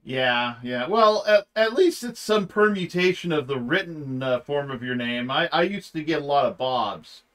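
Male show host, a touch high, hammy announcer flourish, then loose filler-heavy chat. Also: lively intonation, normal speed, hardly any pauses, a bit bright. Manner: mock-grand showman intro, then rambling with many fillers. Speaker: podcast host. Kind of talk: casual interview chat. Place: home studio.

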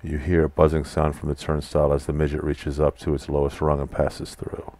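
A man's voice: a bass voice, completely flat delivery, a little fast, dry recording. A man playing a text adventure game, reading the game text aloud and chatting casually between commands. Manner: quiet, mutters typed commands. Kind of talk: casual let's-play commentary.

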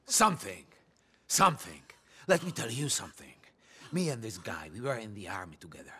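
An actor playing a volatile middle-aged mob boss father, menacing and swinging from mutters to shouts, in a video game cutscene. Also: on the low side, huge pitch swings, quick pace, husky, heavily acted. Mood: brooding.

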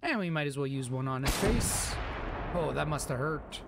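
Excitable man yelling over gunfire. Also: a little high, normal speed, vocal fry, very noisy. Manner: excitable, swearing, shouts exclamations at enemies. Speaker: gameplay video host. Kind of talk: live gameplay commentary. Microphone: desk microphone. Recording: loud gunfire from game audio. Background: game sounds, gunshots and clicks.

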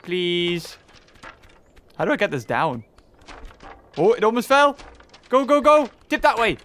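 A woman chatting her way through a video game, teasing the characters and breaking into laughter and squeals. Her pitch swoops wildly from low mutters to high shrieks, though she talks at an unhurried pace. Faint game music sits in the background. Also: very animated, a bit bright. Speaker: gamer playing a video game. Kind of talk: casual let's-play commentary.

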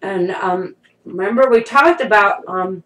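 A woman's voice: mid-range voice, measured pace, a bit bright, slight background noise, poor audio. Emphatic middle-aged woman preaching casually. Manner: conversational and emphatic, addresses listeners as saints. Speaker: prophetess preaching to followers. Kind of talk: informal prophetic sermon to camera.

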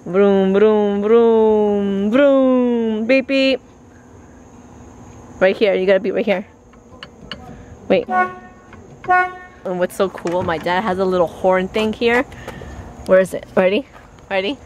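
A woman's voice: medium pitch, lively intonation, unhurried, long pauses, slight background noise. A young woman talking casually to a handheld camera for her daily vlog, chatty and laughing often. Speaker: vlogger.

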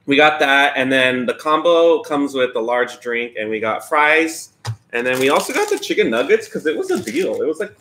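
A man's voice: medium pitch, very animated, normal speed, a bit bright, slight background noise. A man co-hosting a live eating stream, chatting casually and teasing his partner while greeting viewers by name indoors. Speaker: mukbang live-stream co-host. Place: indoors, lights dimmed behind.

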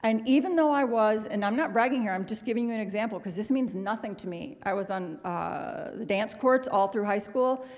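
A woman's voice: medium pitch, a little fast, hardly any pauses, a little mellow. A middle-aged woman from Missouri giving a humorous, candid public talk as a guest speaker, rambling with self-deprecating asides. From Missouri, USA. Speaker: guest speaker at an autism symposium. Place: large hotel ballroom. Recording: long reverb of a large ballroom.

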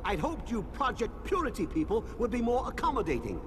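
A man's voice: very high voice, wildly swooping pitch, brisk, heavily acted. An actor playing a pushy, haughty male scientist in a video game, demanding and indignant. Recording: game audio with reverb and noise.

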